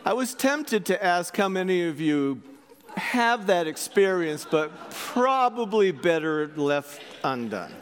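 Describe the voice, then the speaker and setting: A man leads worship and preaches in a church, his high voice trailing off into a long reverb. He talks slowly and deliberately, bringing his stories to life with lively voices for the characters. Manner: animated storytelling, acts out voices. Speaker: priest. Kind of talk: sermon.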